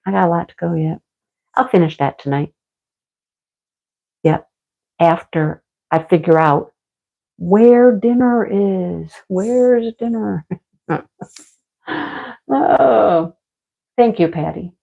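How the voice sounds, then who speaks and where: Gravelly and lowish, this middle-aged woman takes her time, leaving long pauses while hosting a craft livestream. She chats loosely and answers viewers, rambling, laughing a lot, and getting a touch snarky, with dull lo-fi home stream audio.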